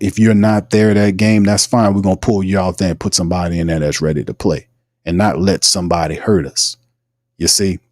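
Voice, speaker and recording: A man's voice: deep voice, a little mellow, no echo, studio quality. A man hosting a sports livestream, ranting in a heated, repetitive way. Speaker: sports podcast host. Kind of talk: casual livestream commentary.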